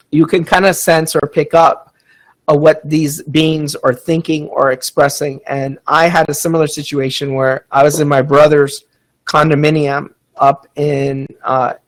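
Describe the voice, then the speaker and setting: Chatty, fairly high-voiced male podcast host. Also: rough recording. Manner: rambling, chatty, with frequent fillers; reads out audience chat comments. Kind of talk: casual storytelling podcast.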